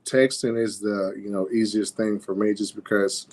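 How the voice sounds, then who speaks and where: Brief: lower-pitched man, casual caller, hesitant with lots of fillers. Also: flat delivery, normal speed, darkish tone. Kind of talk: casual chat.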